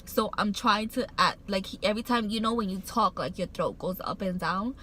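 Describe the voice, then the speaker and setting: A woman's voice: mid-range voice, normal speed, pushed and bright, slight background noise, low-quality recording. A woman vlogger telling a heartfelt personal story, rambling with many fillers and restarts, emotional and choked up at times. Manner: emotional, getting choked up while recounting.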